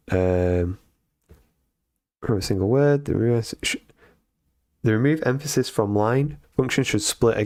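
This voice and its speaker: A man on a live stream reading programming lessons aloud and thinking out loud as he codes, with frequent ums and restarts. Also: fairly low pitch, no echo, clean studio sound. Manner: thinks aloud with many fillers and self-corrections. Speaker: streamer learning to code.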